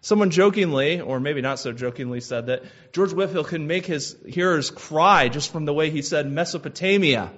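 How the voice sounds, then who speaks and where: A man preaching a sermon in a measured, earnest way, with frequent "uh" restarts. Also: on the high side, a bit bright. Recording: slightly dull lo-fi sound.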